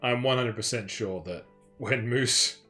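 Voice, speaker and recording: A man co-hosting a livestream, making deadpan jokes and laughing often. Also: medium pitch, unhurried, faint music behind. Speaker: co-host. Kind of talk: casual livestream chat.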